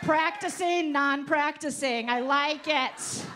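A woman's voice: sits high, takes it slowly, pushed and bright, some chatter behind, slight background noise. A woman doing a brash, profane stand-up set at a live show, teasing the audience. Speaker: stand-up comedian. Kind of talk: stand-up set with crowd work. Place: live comedy show on stage.

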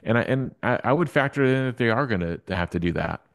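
A male guest in a casual interview chat, explaining his views in a measured way. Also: medium pitch, expressive. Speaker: guest analyst.

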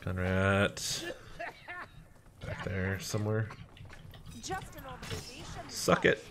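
A young man hosting a gaming channel, casually commenting on gameplay and telling a story, animated and swearing with lots of fillers. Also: sits low, very slow, vocal fry, crowd noise.

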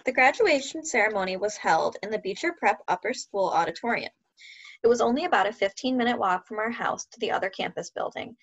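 A woman reads a children's novel aloud at a middle pitch, in a steady, clear storytelling manner. The recording is muffled and lo-fi. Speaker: teacher reading aloud. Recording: dull lo-fi sound.

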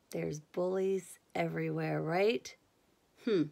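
A woman reading a children's chapter book aloud at bedtime, in a gentle, even manner. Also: mid-range voice, moderate pace. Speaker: bedtime story reader.

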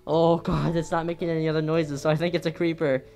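A gameplay commentator talking over their own play, jumpy and quick to swear, yelping at every scare. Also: medium pitch, flat delivery, a little mellow, soft background music.

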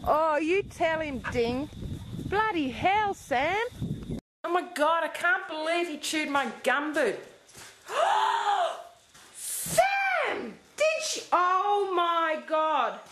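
Very high-pitched exasperated woman. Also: fairly bright tone, a little hiss or hum, rough recording. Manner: exclaiming, exasperated, scolding her dog. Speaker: dog owner filming her home. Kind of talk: casual home video. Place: house and garden, partly outdoors.

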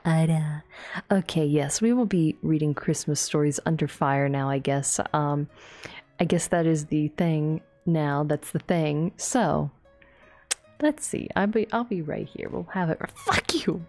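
A woman streamer doing a whispered ASMR stream on a desktop mic, swearing and breaking into shrieks between soft whispers. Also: deep voice, a little slow. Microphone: desktop USB mic.

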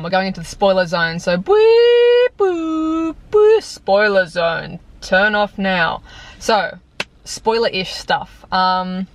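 Young woman, vlog host, chatty and animated, casual review talk into a camera mic. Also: lowish voice. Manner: chatty, animated, lots of fillers. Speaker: YouTube vlogger reviewing a film. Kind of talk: casual chat. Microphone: compact camera mic.

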